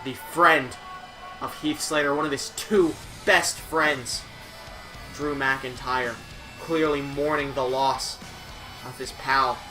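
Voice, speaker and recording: A man's voice: mid-range voice, steady tone, takes it slowly, pushed and bright, soft background music. A young man livestreaming a wrestling game, joking and swearing casually as he commentates. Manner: joking, profane, rambling. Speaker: streamer and commentator.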